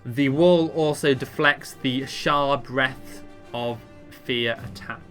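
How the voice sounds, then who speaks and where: A man's voice: medium pitch, takes it slowly, fairly bright tone, faint music behind. A man casually reading out game ability text and commenting offhand, stumbling over words. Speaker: gamer explaining a raid boss.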